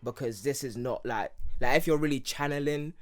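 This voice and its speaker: A man's voice: mid-range voice, brisk. Young man, English accent, casual podcast chat, rambling, filler-heavy. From Nigeria (Yoruba heritage). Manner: rambling, many fillers and restarts. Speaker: podcast co-host.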